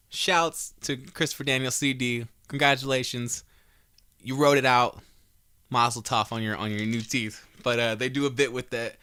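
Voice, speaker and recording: A man's voice: medium pitch, a little fast, bright, forceful tone, dry recording. A man hosting a podcast, recapping wrestling shows in a rambling, profane, casual way with many restarts. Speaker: podcast host.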